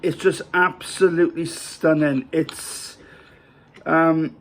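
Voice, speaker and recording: A man's voice: on the high side, flat delivery, slow. A man from Wales with a Welsh accent, talking casually to camera about his meal at home, rambling and hesitant with many fillers. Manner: rambling, hesitant, self-mocking. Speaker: vlogger. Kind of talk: casual to-camera food vlog.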